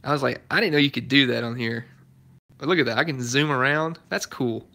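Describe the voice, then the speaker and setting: A man's voice: medium pitch, a little fast, gravelly, bright, forceful tone. A man running a casual live stream from his garage, reading viewer comments aloud and chatting in a laid-back way. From Southern United States. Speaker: car restoration YouTuber. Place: garage workshop.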